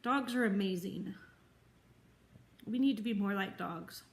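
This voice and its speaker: A woman's voice: mid-range voice, creaky. A woman dog trainer talking earnestly to the camera in a vlog, teary and sniffly after a good cry. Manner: slow, heartfelt, earnest. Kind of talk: emotional vlog talk to camera. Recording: echoey room.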